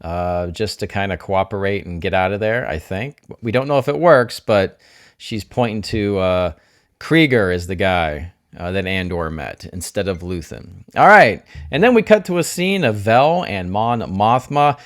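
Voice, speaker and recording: Low-pitched and animated, this man talks a little slowly as he gives a relaxed, spoiler-filled take on a TV episode. He reasons aloud, keeps quizzing himself, adds jokey remarks, and gets openly emotional about the scenes he adores.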